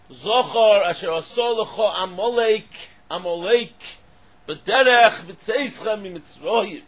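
Man, Torah lecture, high voice, husky, repeats his questions, Hebrew terms in English. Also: fairly bright tone. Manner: poses questions, then repeats and stresses them; mixes many Hebrew and Aramaic terms into English. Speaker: Torah teacher.

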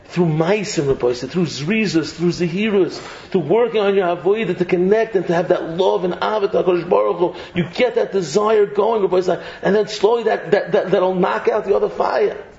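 A man giving a lively Torah lecture, joking and mixing Hebrew terms into English. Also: high-pitched, brisk, vocal fry, few pauses. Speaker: rabbi giving a Torah class. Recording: echoey room, slightly dull sound, faint noise.

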